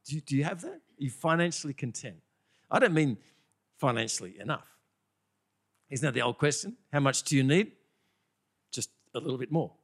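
A man preaching a sermon in a conversational, animated way, often asking the congregation questions. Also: a little high, fairly quick, vocal fry, pauses often.

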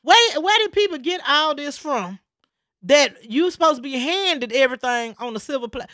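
Emphatic, animated woman in casual chat. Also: high voice, moderate pace, no echo, studio quality. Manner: emphatic, preachy, animated storytelling.

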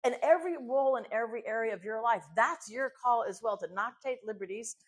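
A woman's voice: fairly high pitch, quick pace, slightly rough. A woman teaching a women's Bible study, chatty and encouraging, who fires off rhetorical questions and answers them herself. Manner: chatty and encouraging, with fillers and restarts.

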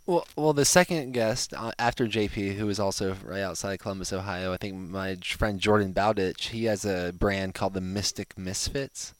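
A man's voice: low voice, moderate pace, hardly any pauses, dry recording. A man hosting a podcast interview, talking enthusiastically and leaning on fillers like "like.". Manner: enthusiastic, filler-heavy with lots of "like". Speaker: podcast host. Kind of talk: casual interview chat. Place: home in Hawaii.

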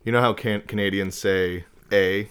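A young man from Maine chats on a casual podcast, his voice sitting low. He tells stories loosely, swears freely and laughs often. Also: fairly quick, fairly bright tone. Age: young adult. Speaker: podcast co-host. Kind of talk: casual chat.

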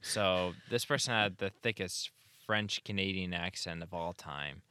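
A man's voice: low-pitched, measured pace, pushed and bright, smooth, no echo. A man co-hosting a podcast, recounting a trip in a laid-back, casual storytelling way. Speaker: podcast co-host. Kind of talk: casual chat.

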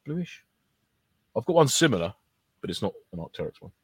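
A man's voice: on the low side, sing-song, fairly quick, breathy edge, no echo. A man co-hosting a podcast, joking and teasing his co-hosts in casual banter. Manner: teasing, jokey. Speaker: podcast co-host.

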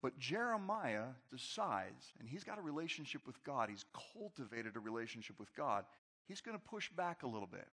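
A pastor preaching a conversational, animated sermon to his congregation in a large church. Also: mid-range voice, moderate pace, husky. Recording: long hall reverb.

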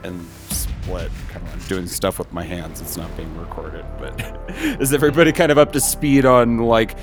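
Man, low voice, rambling casual talk, clear music underneath. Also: steady tone, normal speed. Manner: rambling, self-interrupting. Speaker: writer leading a script read-through. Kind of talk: casual chat.

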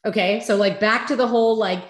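A woman telling her career story as an interview guest, lively and acting out past conversations. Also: a little high, brisk, echoey room. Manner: animated, acts out past conversations.

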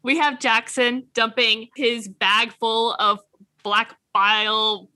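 A woman co-hosting a casual podcast, recapping a TV episode with animated asides and quoted lines. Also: fairly high pitch, slow pace, no echo. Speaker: podcast co-host.

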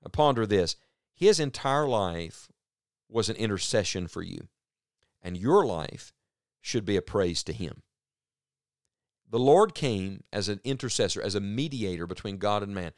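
Earnest preacher guy, smooth lowish voice, dry close mic. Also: animated, measured pace, pauses often, no room sound. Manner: earnest, rises and drops for emphasis. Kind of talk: sermon.

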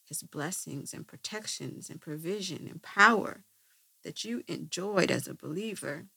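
A woman's voice: lowish voice, gravelly, a bit bright, slightly rough, no echo. A woman host answering viewer questions with earnest religious teaching, often asking rhetorical questions and checking with "right?".

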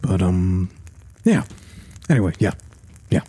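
A low, very husky man's voice, recorded dry and close. He plays a tabletop character who is modest and hesitant, trailing off as he answers. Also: big pitch swings, measured pace, mellow, dry recording. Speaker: player. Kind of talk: in-character tabletop role-play.

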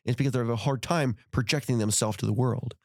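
A man's voice: mid-range voice, fast, a little mellow, no room sound, studio quality. A middle-aged man hosting a podcast, telling a story in casual conversation and acting out heated quotes. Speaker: podcast host.

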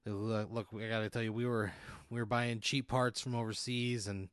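Man doing a smooth suited executive, blunt, evasive, low voice, dry sound. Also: little pitch movement, moderate pace, fairly bright tone, no room sound, close to an everyday voice. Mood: businesslike. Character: tall male executive in a suit, smooth and evasive.

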